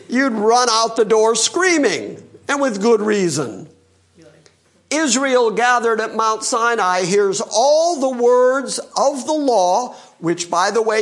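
A man preaches a sermon and reads scripture aloud in a fairly high voice. His delivery stays conversational. He breaks it up with playful asides. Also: fairly bright tone. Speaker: pastor.

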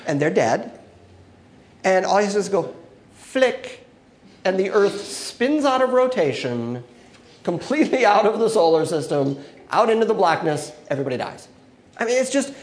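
A high-pitched man teaches scripture as a sermon with an expressive style. His volume swings from forceful emphasis down to soft, murmured asides.

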